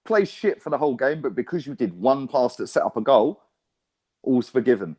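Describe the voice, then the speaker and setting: A young man gives his blunt football opinions in casual chat, leaning hard on words and swearing freely. His voice sits at an ordinary middle pitch. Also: big pitch swings, fairly quick, dark tone. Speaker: football fan show guest host.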